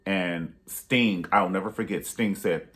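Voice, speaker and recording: A man in his thirties hosting a casual review vlog, telling stories with animated energy and jumping into high voices to act out quotes. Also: measured pace. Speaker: YouTube reviewer.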